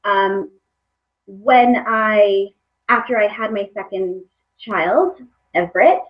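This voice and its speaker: A woman's voice: mid-range voice, slow pace, pauses often. Woman, 30s, hosts a live webinar, chatty and hesitant, muffled lo-fi audio. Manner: warm, hesitant with many fillers. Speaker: webinar host, coach. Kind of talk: casual live webinar talk.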